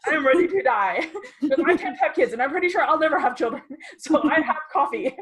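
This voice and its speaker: A woman in her twenties co-hosting a podcast, telling a personal story in a casual, animated way, laughing often and acting out what people said. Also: high voice, brisk, crowd noise. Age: 20s. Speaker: podcast co-host.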